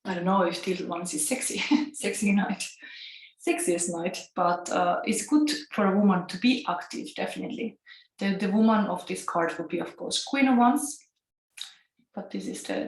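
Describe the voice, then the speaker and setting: A woman's voice: mid-range voice, normal speed. A woman from Finland giving a casual tarot reading and reading a fairy tale aloud, with a Finnish accent tinged with Italian and a musing, chatty manner. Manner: musing, chatty, laughs often. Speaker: tarot reader. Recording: echoey room.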